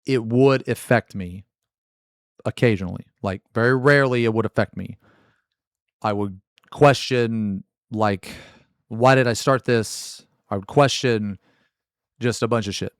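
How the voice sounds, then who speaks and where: A man's voice: mid-range voice, no room sound, clean studio sound. Profane, relentless male streamer ranting. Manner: angry, profane, emphatic repetition. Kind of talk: livestream rant.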